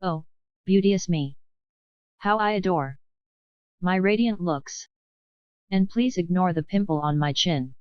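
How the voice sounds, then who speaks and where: A sharp-tongued, vain and cruel aunt, as a woman narrator puts her on, snapping and screeching her insults. The voice stays smooth and clear, with a slightly dull, dry recording. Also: fairly low pitch, a little slow, pauses often, no echo, natural voice. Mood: boastful.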